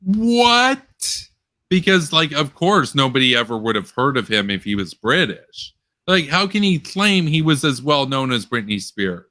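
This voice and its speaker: A young man hosting a casual online post-show chat, rambling and sarcastic, his pitch jumping up when he gets worked up. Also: very animated, moderate pace, sharp tone, no echo. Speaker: political commentary host.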